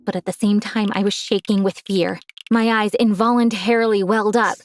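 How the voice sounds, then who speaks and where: A woman's voice: medium pitch, steady tone, moderate pace, a little hiss or hum. A young woman telling a dramatic first-person story, gasping now and then for effect.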